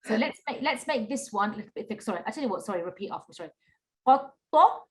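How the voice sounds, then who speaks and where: A woman teaching a Qur'an recitation class over a video call, patient and encouraging, slowly modelling sounds for students to repeat. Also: mid-range voice, lively intonation.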